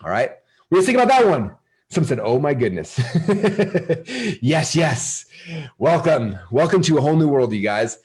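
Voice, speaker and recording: A man presenting a live marketing webinar, energetic and salesy, often asking his audience questions. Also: a little high, normal speed, husky.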